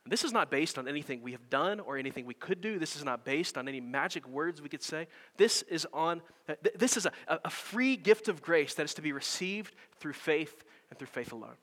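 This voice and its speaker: A man preaching a sermon as pastor, telling a story in an animated way, with emphatic build-ups and quick self-corrections. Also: on the high side, long reverb tail.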